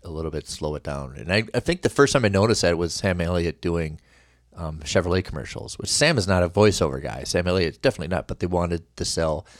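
A man hosting a casual chat, talking in a rambling, animated way. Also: low-pitched, fast, no room sound, studio quality. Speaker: host.

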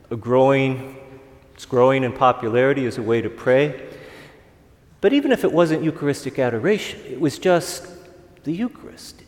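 A man, a priest, giving a conversational homily at an evening Mass, asking the congregation rhetorical questions. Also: on the high side. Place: church. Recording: long reverb of a church.

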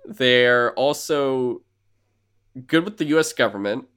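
Man, podcast co-host, casual chat, excitable, rambling, swearing, mid-pitched voice. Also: takes it slowly, clean tone. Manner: excitable rambling recap, swears, lots of fillers.

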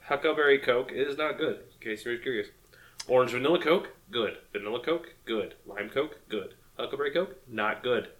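A man on a casual podcast gripes and needles his friends, swearing freely. His tone is bright and a little sharp. His pitch stays around the middle. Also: moderate pace. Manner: sardonic, griping, swears freely. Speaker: podcast co-host. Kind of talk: casual chat.

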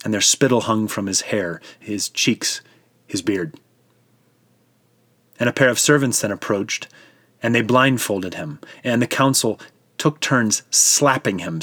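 A man narrates a scripture story with dramatic, vivid storytelling. His voice is low and husky. The recording is dry and close. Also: a bit bright, no room sound.

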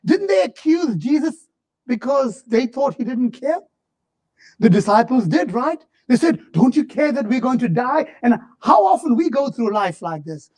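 A man preaching a sermon, swinging between fervent shouts and low, drawn-out murmurs. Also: sing-song.

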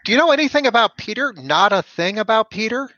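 Guy player leaning on an npc, bright voice, kinda dull lo-fi mic. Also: sits high, lively intonation, fast talker, no echo. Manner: pushy, threatening in character. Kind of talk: in-character tabletop play.

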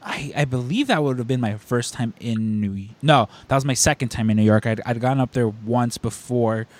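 A man's voice: mid-range voice, moderate pace. Man telling a story on a podcast. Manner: rambling, self-correcting, animated retelling. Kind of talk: casual storytelling chat.

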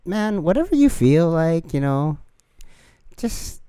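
A man from Hawaii co-hosting a podcast in relaxed, joking, profane casual chat. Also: fairly high pitch, slow pace, clear, resonant tone, dry recording. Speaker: podcast co-host.

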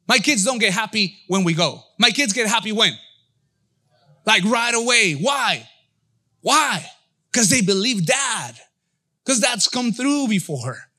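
A middle-aged male pastor delivers an energetic sermon with a high voice and a bright, forceful edge. He slips into little acted-out voices and quotes as he preaches. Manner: animated, acts out voices and dialogue.

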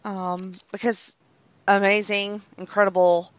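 Relaxed, frank woman podcast co-host. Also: medium pitch, measured pace, clear, resonant tone, dry recording. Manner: relaxed, frank, swears casually. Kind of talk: casual chat.

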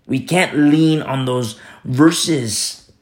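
A man's voice: mid-range voice, drawn-out words. A man preaching a sermon, stressing points by repeating phrases and telling stories with casual asides. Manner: storytelling asides with fillers.

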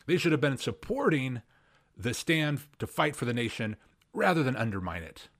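A male pastor speaking on a radio Bible program at a mid pitch. He preaches conversationally, slipping into quoted voices and rising with animated emphasis. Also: moderate pace. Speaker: pastor and radio show host.

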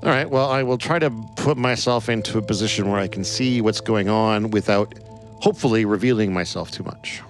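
A man's voice: lowish voice, fairly quick, faint music behind. A man playing a tabletop game, talking casually and thinking aloud. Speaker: player.

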